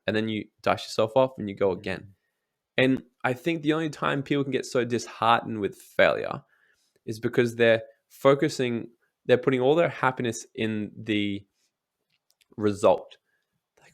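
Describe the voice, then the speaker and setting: A man's voice: on the low side, normal speed. A young man speaking as a guest in an interview, giving emphatic motivational advice and swearing casually. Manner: emphatic, swears casually, acts out quoted voices.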